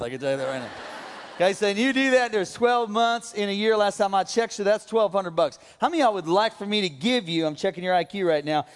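Man, pastor, humorous sermon, high voice, reverberant church hall. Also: slight background noise. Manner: humorous, addresses congregation directly. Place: large church auditorium.

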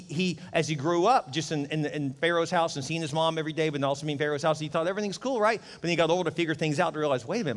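Middle-aged male pastor, chatty sermon delivery with acted-out quotes, slightly high voice, big reverberant room. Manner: conversational, acts out quoted voices.

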